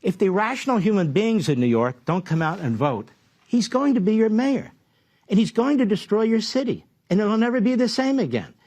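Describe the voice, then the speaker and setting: An indignant male political commentator argues in a combative way. His voice sits high for a man and swings widely in pitch as he presses each point. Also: very animated, moderate pace, a little mellow. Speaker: political commentator in a played clip.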